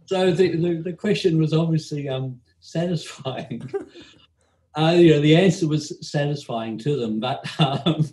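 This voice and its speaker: A man's voice: on the high side, moderate pace, warm tone, a little hiss or hum. A man from Australia, a meditation teacher telling an anecdote in conversation, chuckling often and filling his talk with "you know". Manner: chuckling storyteller with frequent "you know" fillers. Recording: echoey room.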